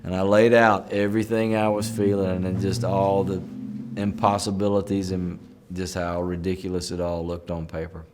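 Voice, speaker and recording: A middle-aged man telling stories in a relaxed, folksy way, chuckling now and then. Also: sits low. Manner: folksy, chuckling, unhurried anecdotes. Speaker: country musician telling a story. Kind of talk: relaxed storytelling in an interview.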